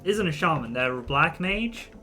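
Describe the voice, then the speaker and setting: A man's voice: fairly high pitch, lively intonation, normal speed, bright, forceful tone, faint music behind. Rambling, giggly man streaming a game. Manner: rambling, giggly, with many fillers. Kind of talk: casual gameplay commentary.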